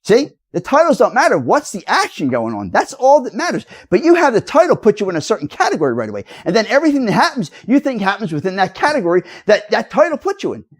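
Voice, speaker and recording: A man's voice: high-pitched, wildly swooping pitch, quick pace, hardly any pauses. A man ranting straight to his viewers in a rambling, accusatory, lecturing way. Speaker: video blogger. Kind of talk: rambling direct-to-camera rant.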